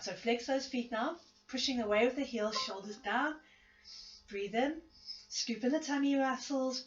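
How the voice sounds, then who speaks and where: A woman teaching a Pilates class after an illness, giving gentle step-by-step cues with a coughing spell now and then and some self-mocking laughter. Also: medium pitch, roomy sound, dull audio. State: recovering from illness, coughing at times. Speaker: Pilates instructor. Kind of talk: guided exercise class cueing.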